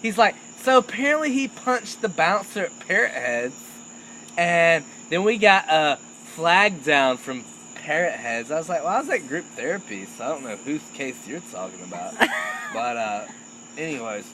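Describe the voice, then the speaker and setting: A young man telling a crude, animated comic anecdote and laughing at his own jokes. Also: a little high, normal speed, noisy background. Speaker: storyteller.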